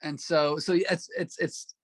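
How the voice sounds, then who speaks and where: A man from Arkansas with a Southern accent, answering interview questions in a halting way with many pauses and fillers. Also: a little high, steady tone, a bit bright, dry recording. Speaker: actor, interview guest.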